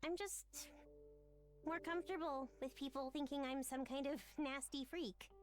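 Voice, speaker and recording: A sick teenage girl who thinks she is worthless, as a woman streamer puts her on. Her voice sits high and small, each line apologetic and self-deprecating. Faint game music plays underneath. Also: unhurried. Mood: self-loathing. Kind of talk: voicing a visual novel character.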